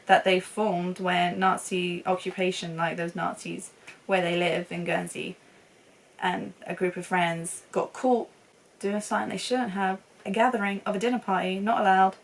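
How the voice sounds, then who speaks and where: A woman's voice: medium pitch, steady tone, moderate pace, gravelly, recorded from a distance, rough recording. A young woman chatting casually and enthusiastically as a film reviewer, laughing often. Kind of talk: casual chat.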